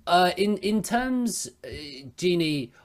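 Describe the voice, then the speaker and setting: A man's voice: high-pitched, lively intonation, takes it slowly. A man hosting a casual interview, with frequent stammering restarts as he asks his questions. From United Kingdom. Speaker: host.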